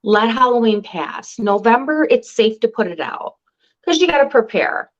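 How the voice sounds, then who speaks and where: A woman's voice: on the high side, expressive, normal speed, dull audio. Profane, ranting woman on a call. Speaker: podcast co-host. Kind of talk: casual chat.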